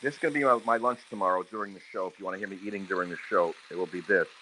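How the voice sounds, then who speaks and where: A man livestreams from his home kitchen while cooking, talking into a phone he holds and veering into crude, angry tirades. He talks low and rapid-fire over a noisy background of a sizzling frying pan.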